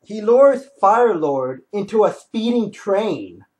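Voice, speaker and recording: Man, high voice, excitable, casual comic review, stumbling restarts. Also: rough recording. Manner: excitable, retells scenes with quick asides and restarts. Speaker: comic book video host.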